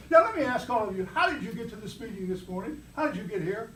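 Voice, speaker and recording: A man's voice: extremely high pitch, lively intonation, a little fast, fairly bright tone. A man giving a humorous prepared speech at a club meeting, playfully teasing the audience with mock examples. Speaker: club speaker. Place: meeting room. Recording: roomy, from far off, faint background noise.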